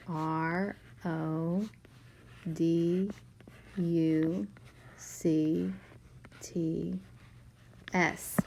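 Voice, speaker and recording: A woman teaching a third grade class, slowly and patiently sounding out letters and words. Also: fairly low pitch, a little hiss or hum, low-quality recording. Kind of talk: remote spelling lesson.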